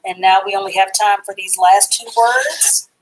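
A woman's voice: medium pitch, normal speed, a little hiss or hum, poor audio. A woman teaching a live online reading class, sounding out and spelling words letter by letter.

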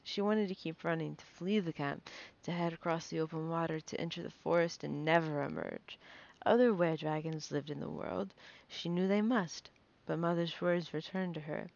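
A woman's voice: on the low side, vocal fry, lo-fi sound. A woman reading a fantasy novel aloud, nervous, stumbling and correcting herself as she goes. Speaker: reader.

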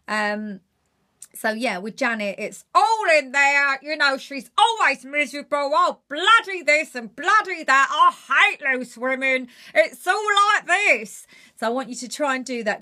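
Bright-voiced Geordie woman impressionist. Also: mid-range voice. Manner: chatty and encouraging. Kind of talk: impressions tutorial.

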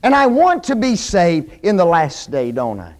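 Preacher, man, slightly high voice, folksy and animated, quizzing his Bible class. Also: a little slow. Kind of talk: sermon, Bible class teaching. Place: church classroom.

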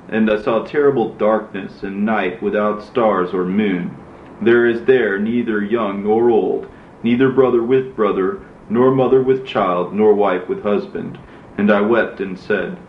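Man, low voice, solemn scripture reading, echoey room, muffled lo-fi sound. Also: moderate pace, a little hiss or hum. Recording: roomy, dull lo-fi recording.

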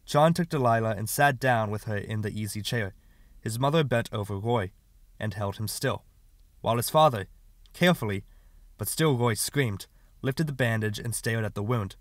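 A man narrating an audiobook in a measured, steady reading. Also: on the low side, dry recording. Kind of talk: scripted narration.

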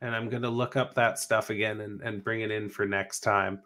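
A man's voice: lowish voice, flat delivery, normal speed, fairly bright tone. A man hosting a casual podcast panel discussion, rambling, swearing freely and trailing off mid-sentence. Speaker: podcast host.

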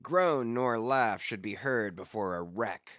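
A man playing a grim, obsessed old sea captain in a storybook reading, declaiming his lines and barking orders to his crew. He speaks at an unhurried, deliberate pace in a mid-range voice, heard close and dry with no room around him. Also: fairly low pitch, expressive, a bit bright, no echo, lo-fi sound. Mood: scornful.

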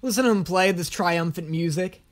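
A man hosting a reaction video, talking casually with animated, profane, joking rants. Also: high voice, normal speed, over loud music.

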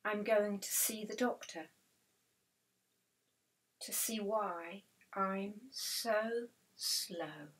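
A woman's voice: medium pitch, very slow, pauses often. A woman doing a moaning, sluggish snail. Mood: glum. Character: troubled, sluggish male snail.

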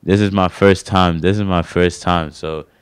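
In a dry recording, a young stand-up comedian plays his first set on a small studio stage in a low, clean voice with fairly even intonation and a moderate pace. The material wanders, leans on slang, and pokes fun at himself.

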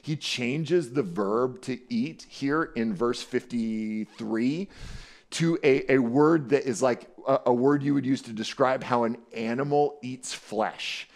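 A middle-aged man preaching a conversational sermon as pastor, playful and animated, often checking in with "right?" and acting out scripture quotes. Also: medium pitch. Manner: acts out scripture quotes dramatically.

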